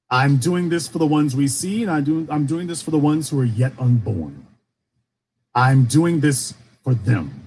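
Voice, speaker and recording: A man's voice: a little high, slight background noise. A man from Louisiana with a faint Southern accent, delivering an impassioned streamed monologue full of repeated rhetorical questions. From Shreveport, Louisiana, US. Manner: rhetorical, repeating questions, rising and falling emphasis. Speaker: commentator.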